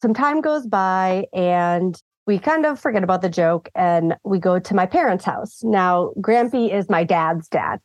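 A woman in her thirties, a podcast guest, telling a personal story in a lively way and acting out what people said. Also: lowish voice, unhurried, few pauses, no room sound. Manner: animated storyteller, acts out quoted voices. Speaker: guest caller.

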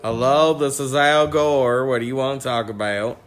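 A man doing an impression of an older male politician, drawling slowly and using pet names. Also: medium pitch, fairly even intonation, over music, natural voice.

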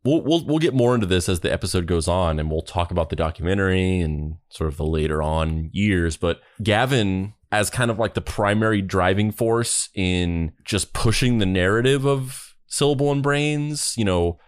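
A man's voice: sits low, normal speed, hardly any pauses, no room sound. A man hosting a podcast in casual chat, rambling with many restarts. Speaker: podcast host.

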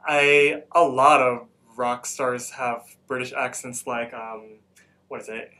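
A young man with a bright, forceful voice, talking casually as a podcast co-host. He recaps scenes in a loose, rambling way, leaning on "like" and "um" as he goes. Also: medium pitch, steady tone, slow pace. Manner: loose, rambling retelling full of "like" and "um". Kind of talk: casual episode recap chat.

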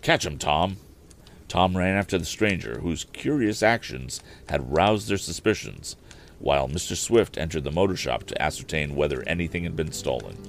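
A man narrating a storybook aloud as podcast host, in an expressive, measured storytelling way. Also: low-pitched, gravelly. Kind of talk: audiobook narration.

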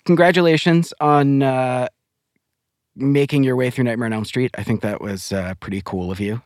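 A man's voice: medium pitch, normal speed, no echo, clean studio sound. A man co-hosting a podcast in casual chat, teasing his co-host in a playful way.

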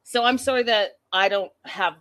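A woman's voice: medium pitch, moderate pace, fairly bright tone, no room sound. A woman recapping reality TV in a casual, gossipy chat, talking straight to her viewers and laughing often.

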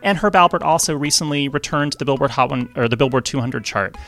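A man's voice: medium pitch, fast, a bit bright. A man co-hosting a music podcast, presenting a chart fact in a chatty, jokey way and laughing often. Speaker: podcast co-host. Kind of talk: casual podcast chat.

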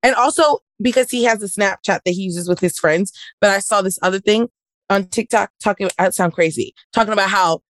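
A woman's voice: medium pitch, brisk. A woman casually telling a story on a podcast, acting out both sides of an argument. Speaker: podcast co-host. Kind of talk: casual chat.

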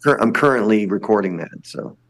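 Older male guest, gravel in a low voice, loose rambling talk. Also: expressive, fairly quick. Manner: rambling, many restarts and fillers. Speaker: lead singer of a punk band, podcast guest. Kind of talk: casual interview chat.

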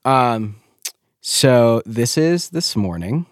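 A man's voice: mid-range voice, sing-song, very slow, dry recording. Hesitant young man, dry close sound. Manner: hesitant, self-deprecating, restarts often. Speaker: podcast host. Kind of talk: casual chat and taped phone calls.

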